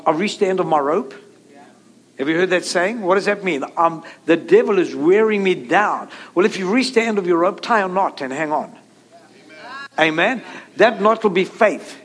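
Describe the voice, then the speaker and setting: A man with a high voice preaches with driving emphasis. He repeats key phrases and calls on his listeners to say them back to him. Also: a bit bright. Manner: emphatic, repetitive preaching with call-and-response. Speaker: pastor. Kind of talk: sermon.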